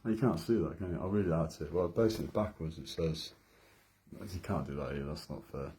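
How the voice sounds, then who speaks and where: With a rumbling low, mellow voice, an English Midlands vlogger in his thirties talks fast through a rambling late-night monologue. He's in a room at home and keeps throwing in self-mocking remarks.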